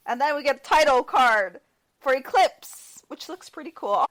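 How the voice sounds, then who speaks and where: A woman on a podcast recapping a movie in casual chat, sarcastic and prone to laughing. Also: high voice. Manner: sarcastic, lively, laughs often. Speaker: podcast co-host.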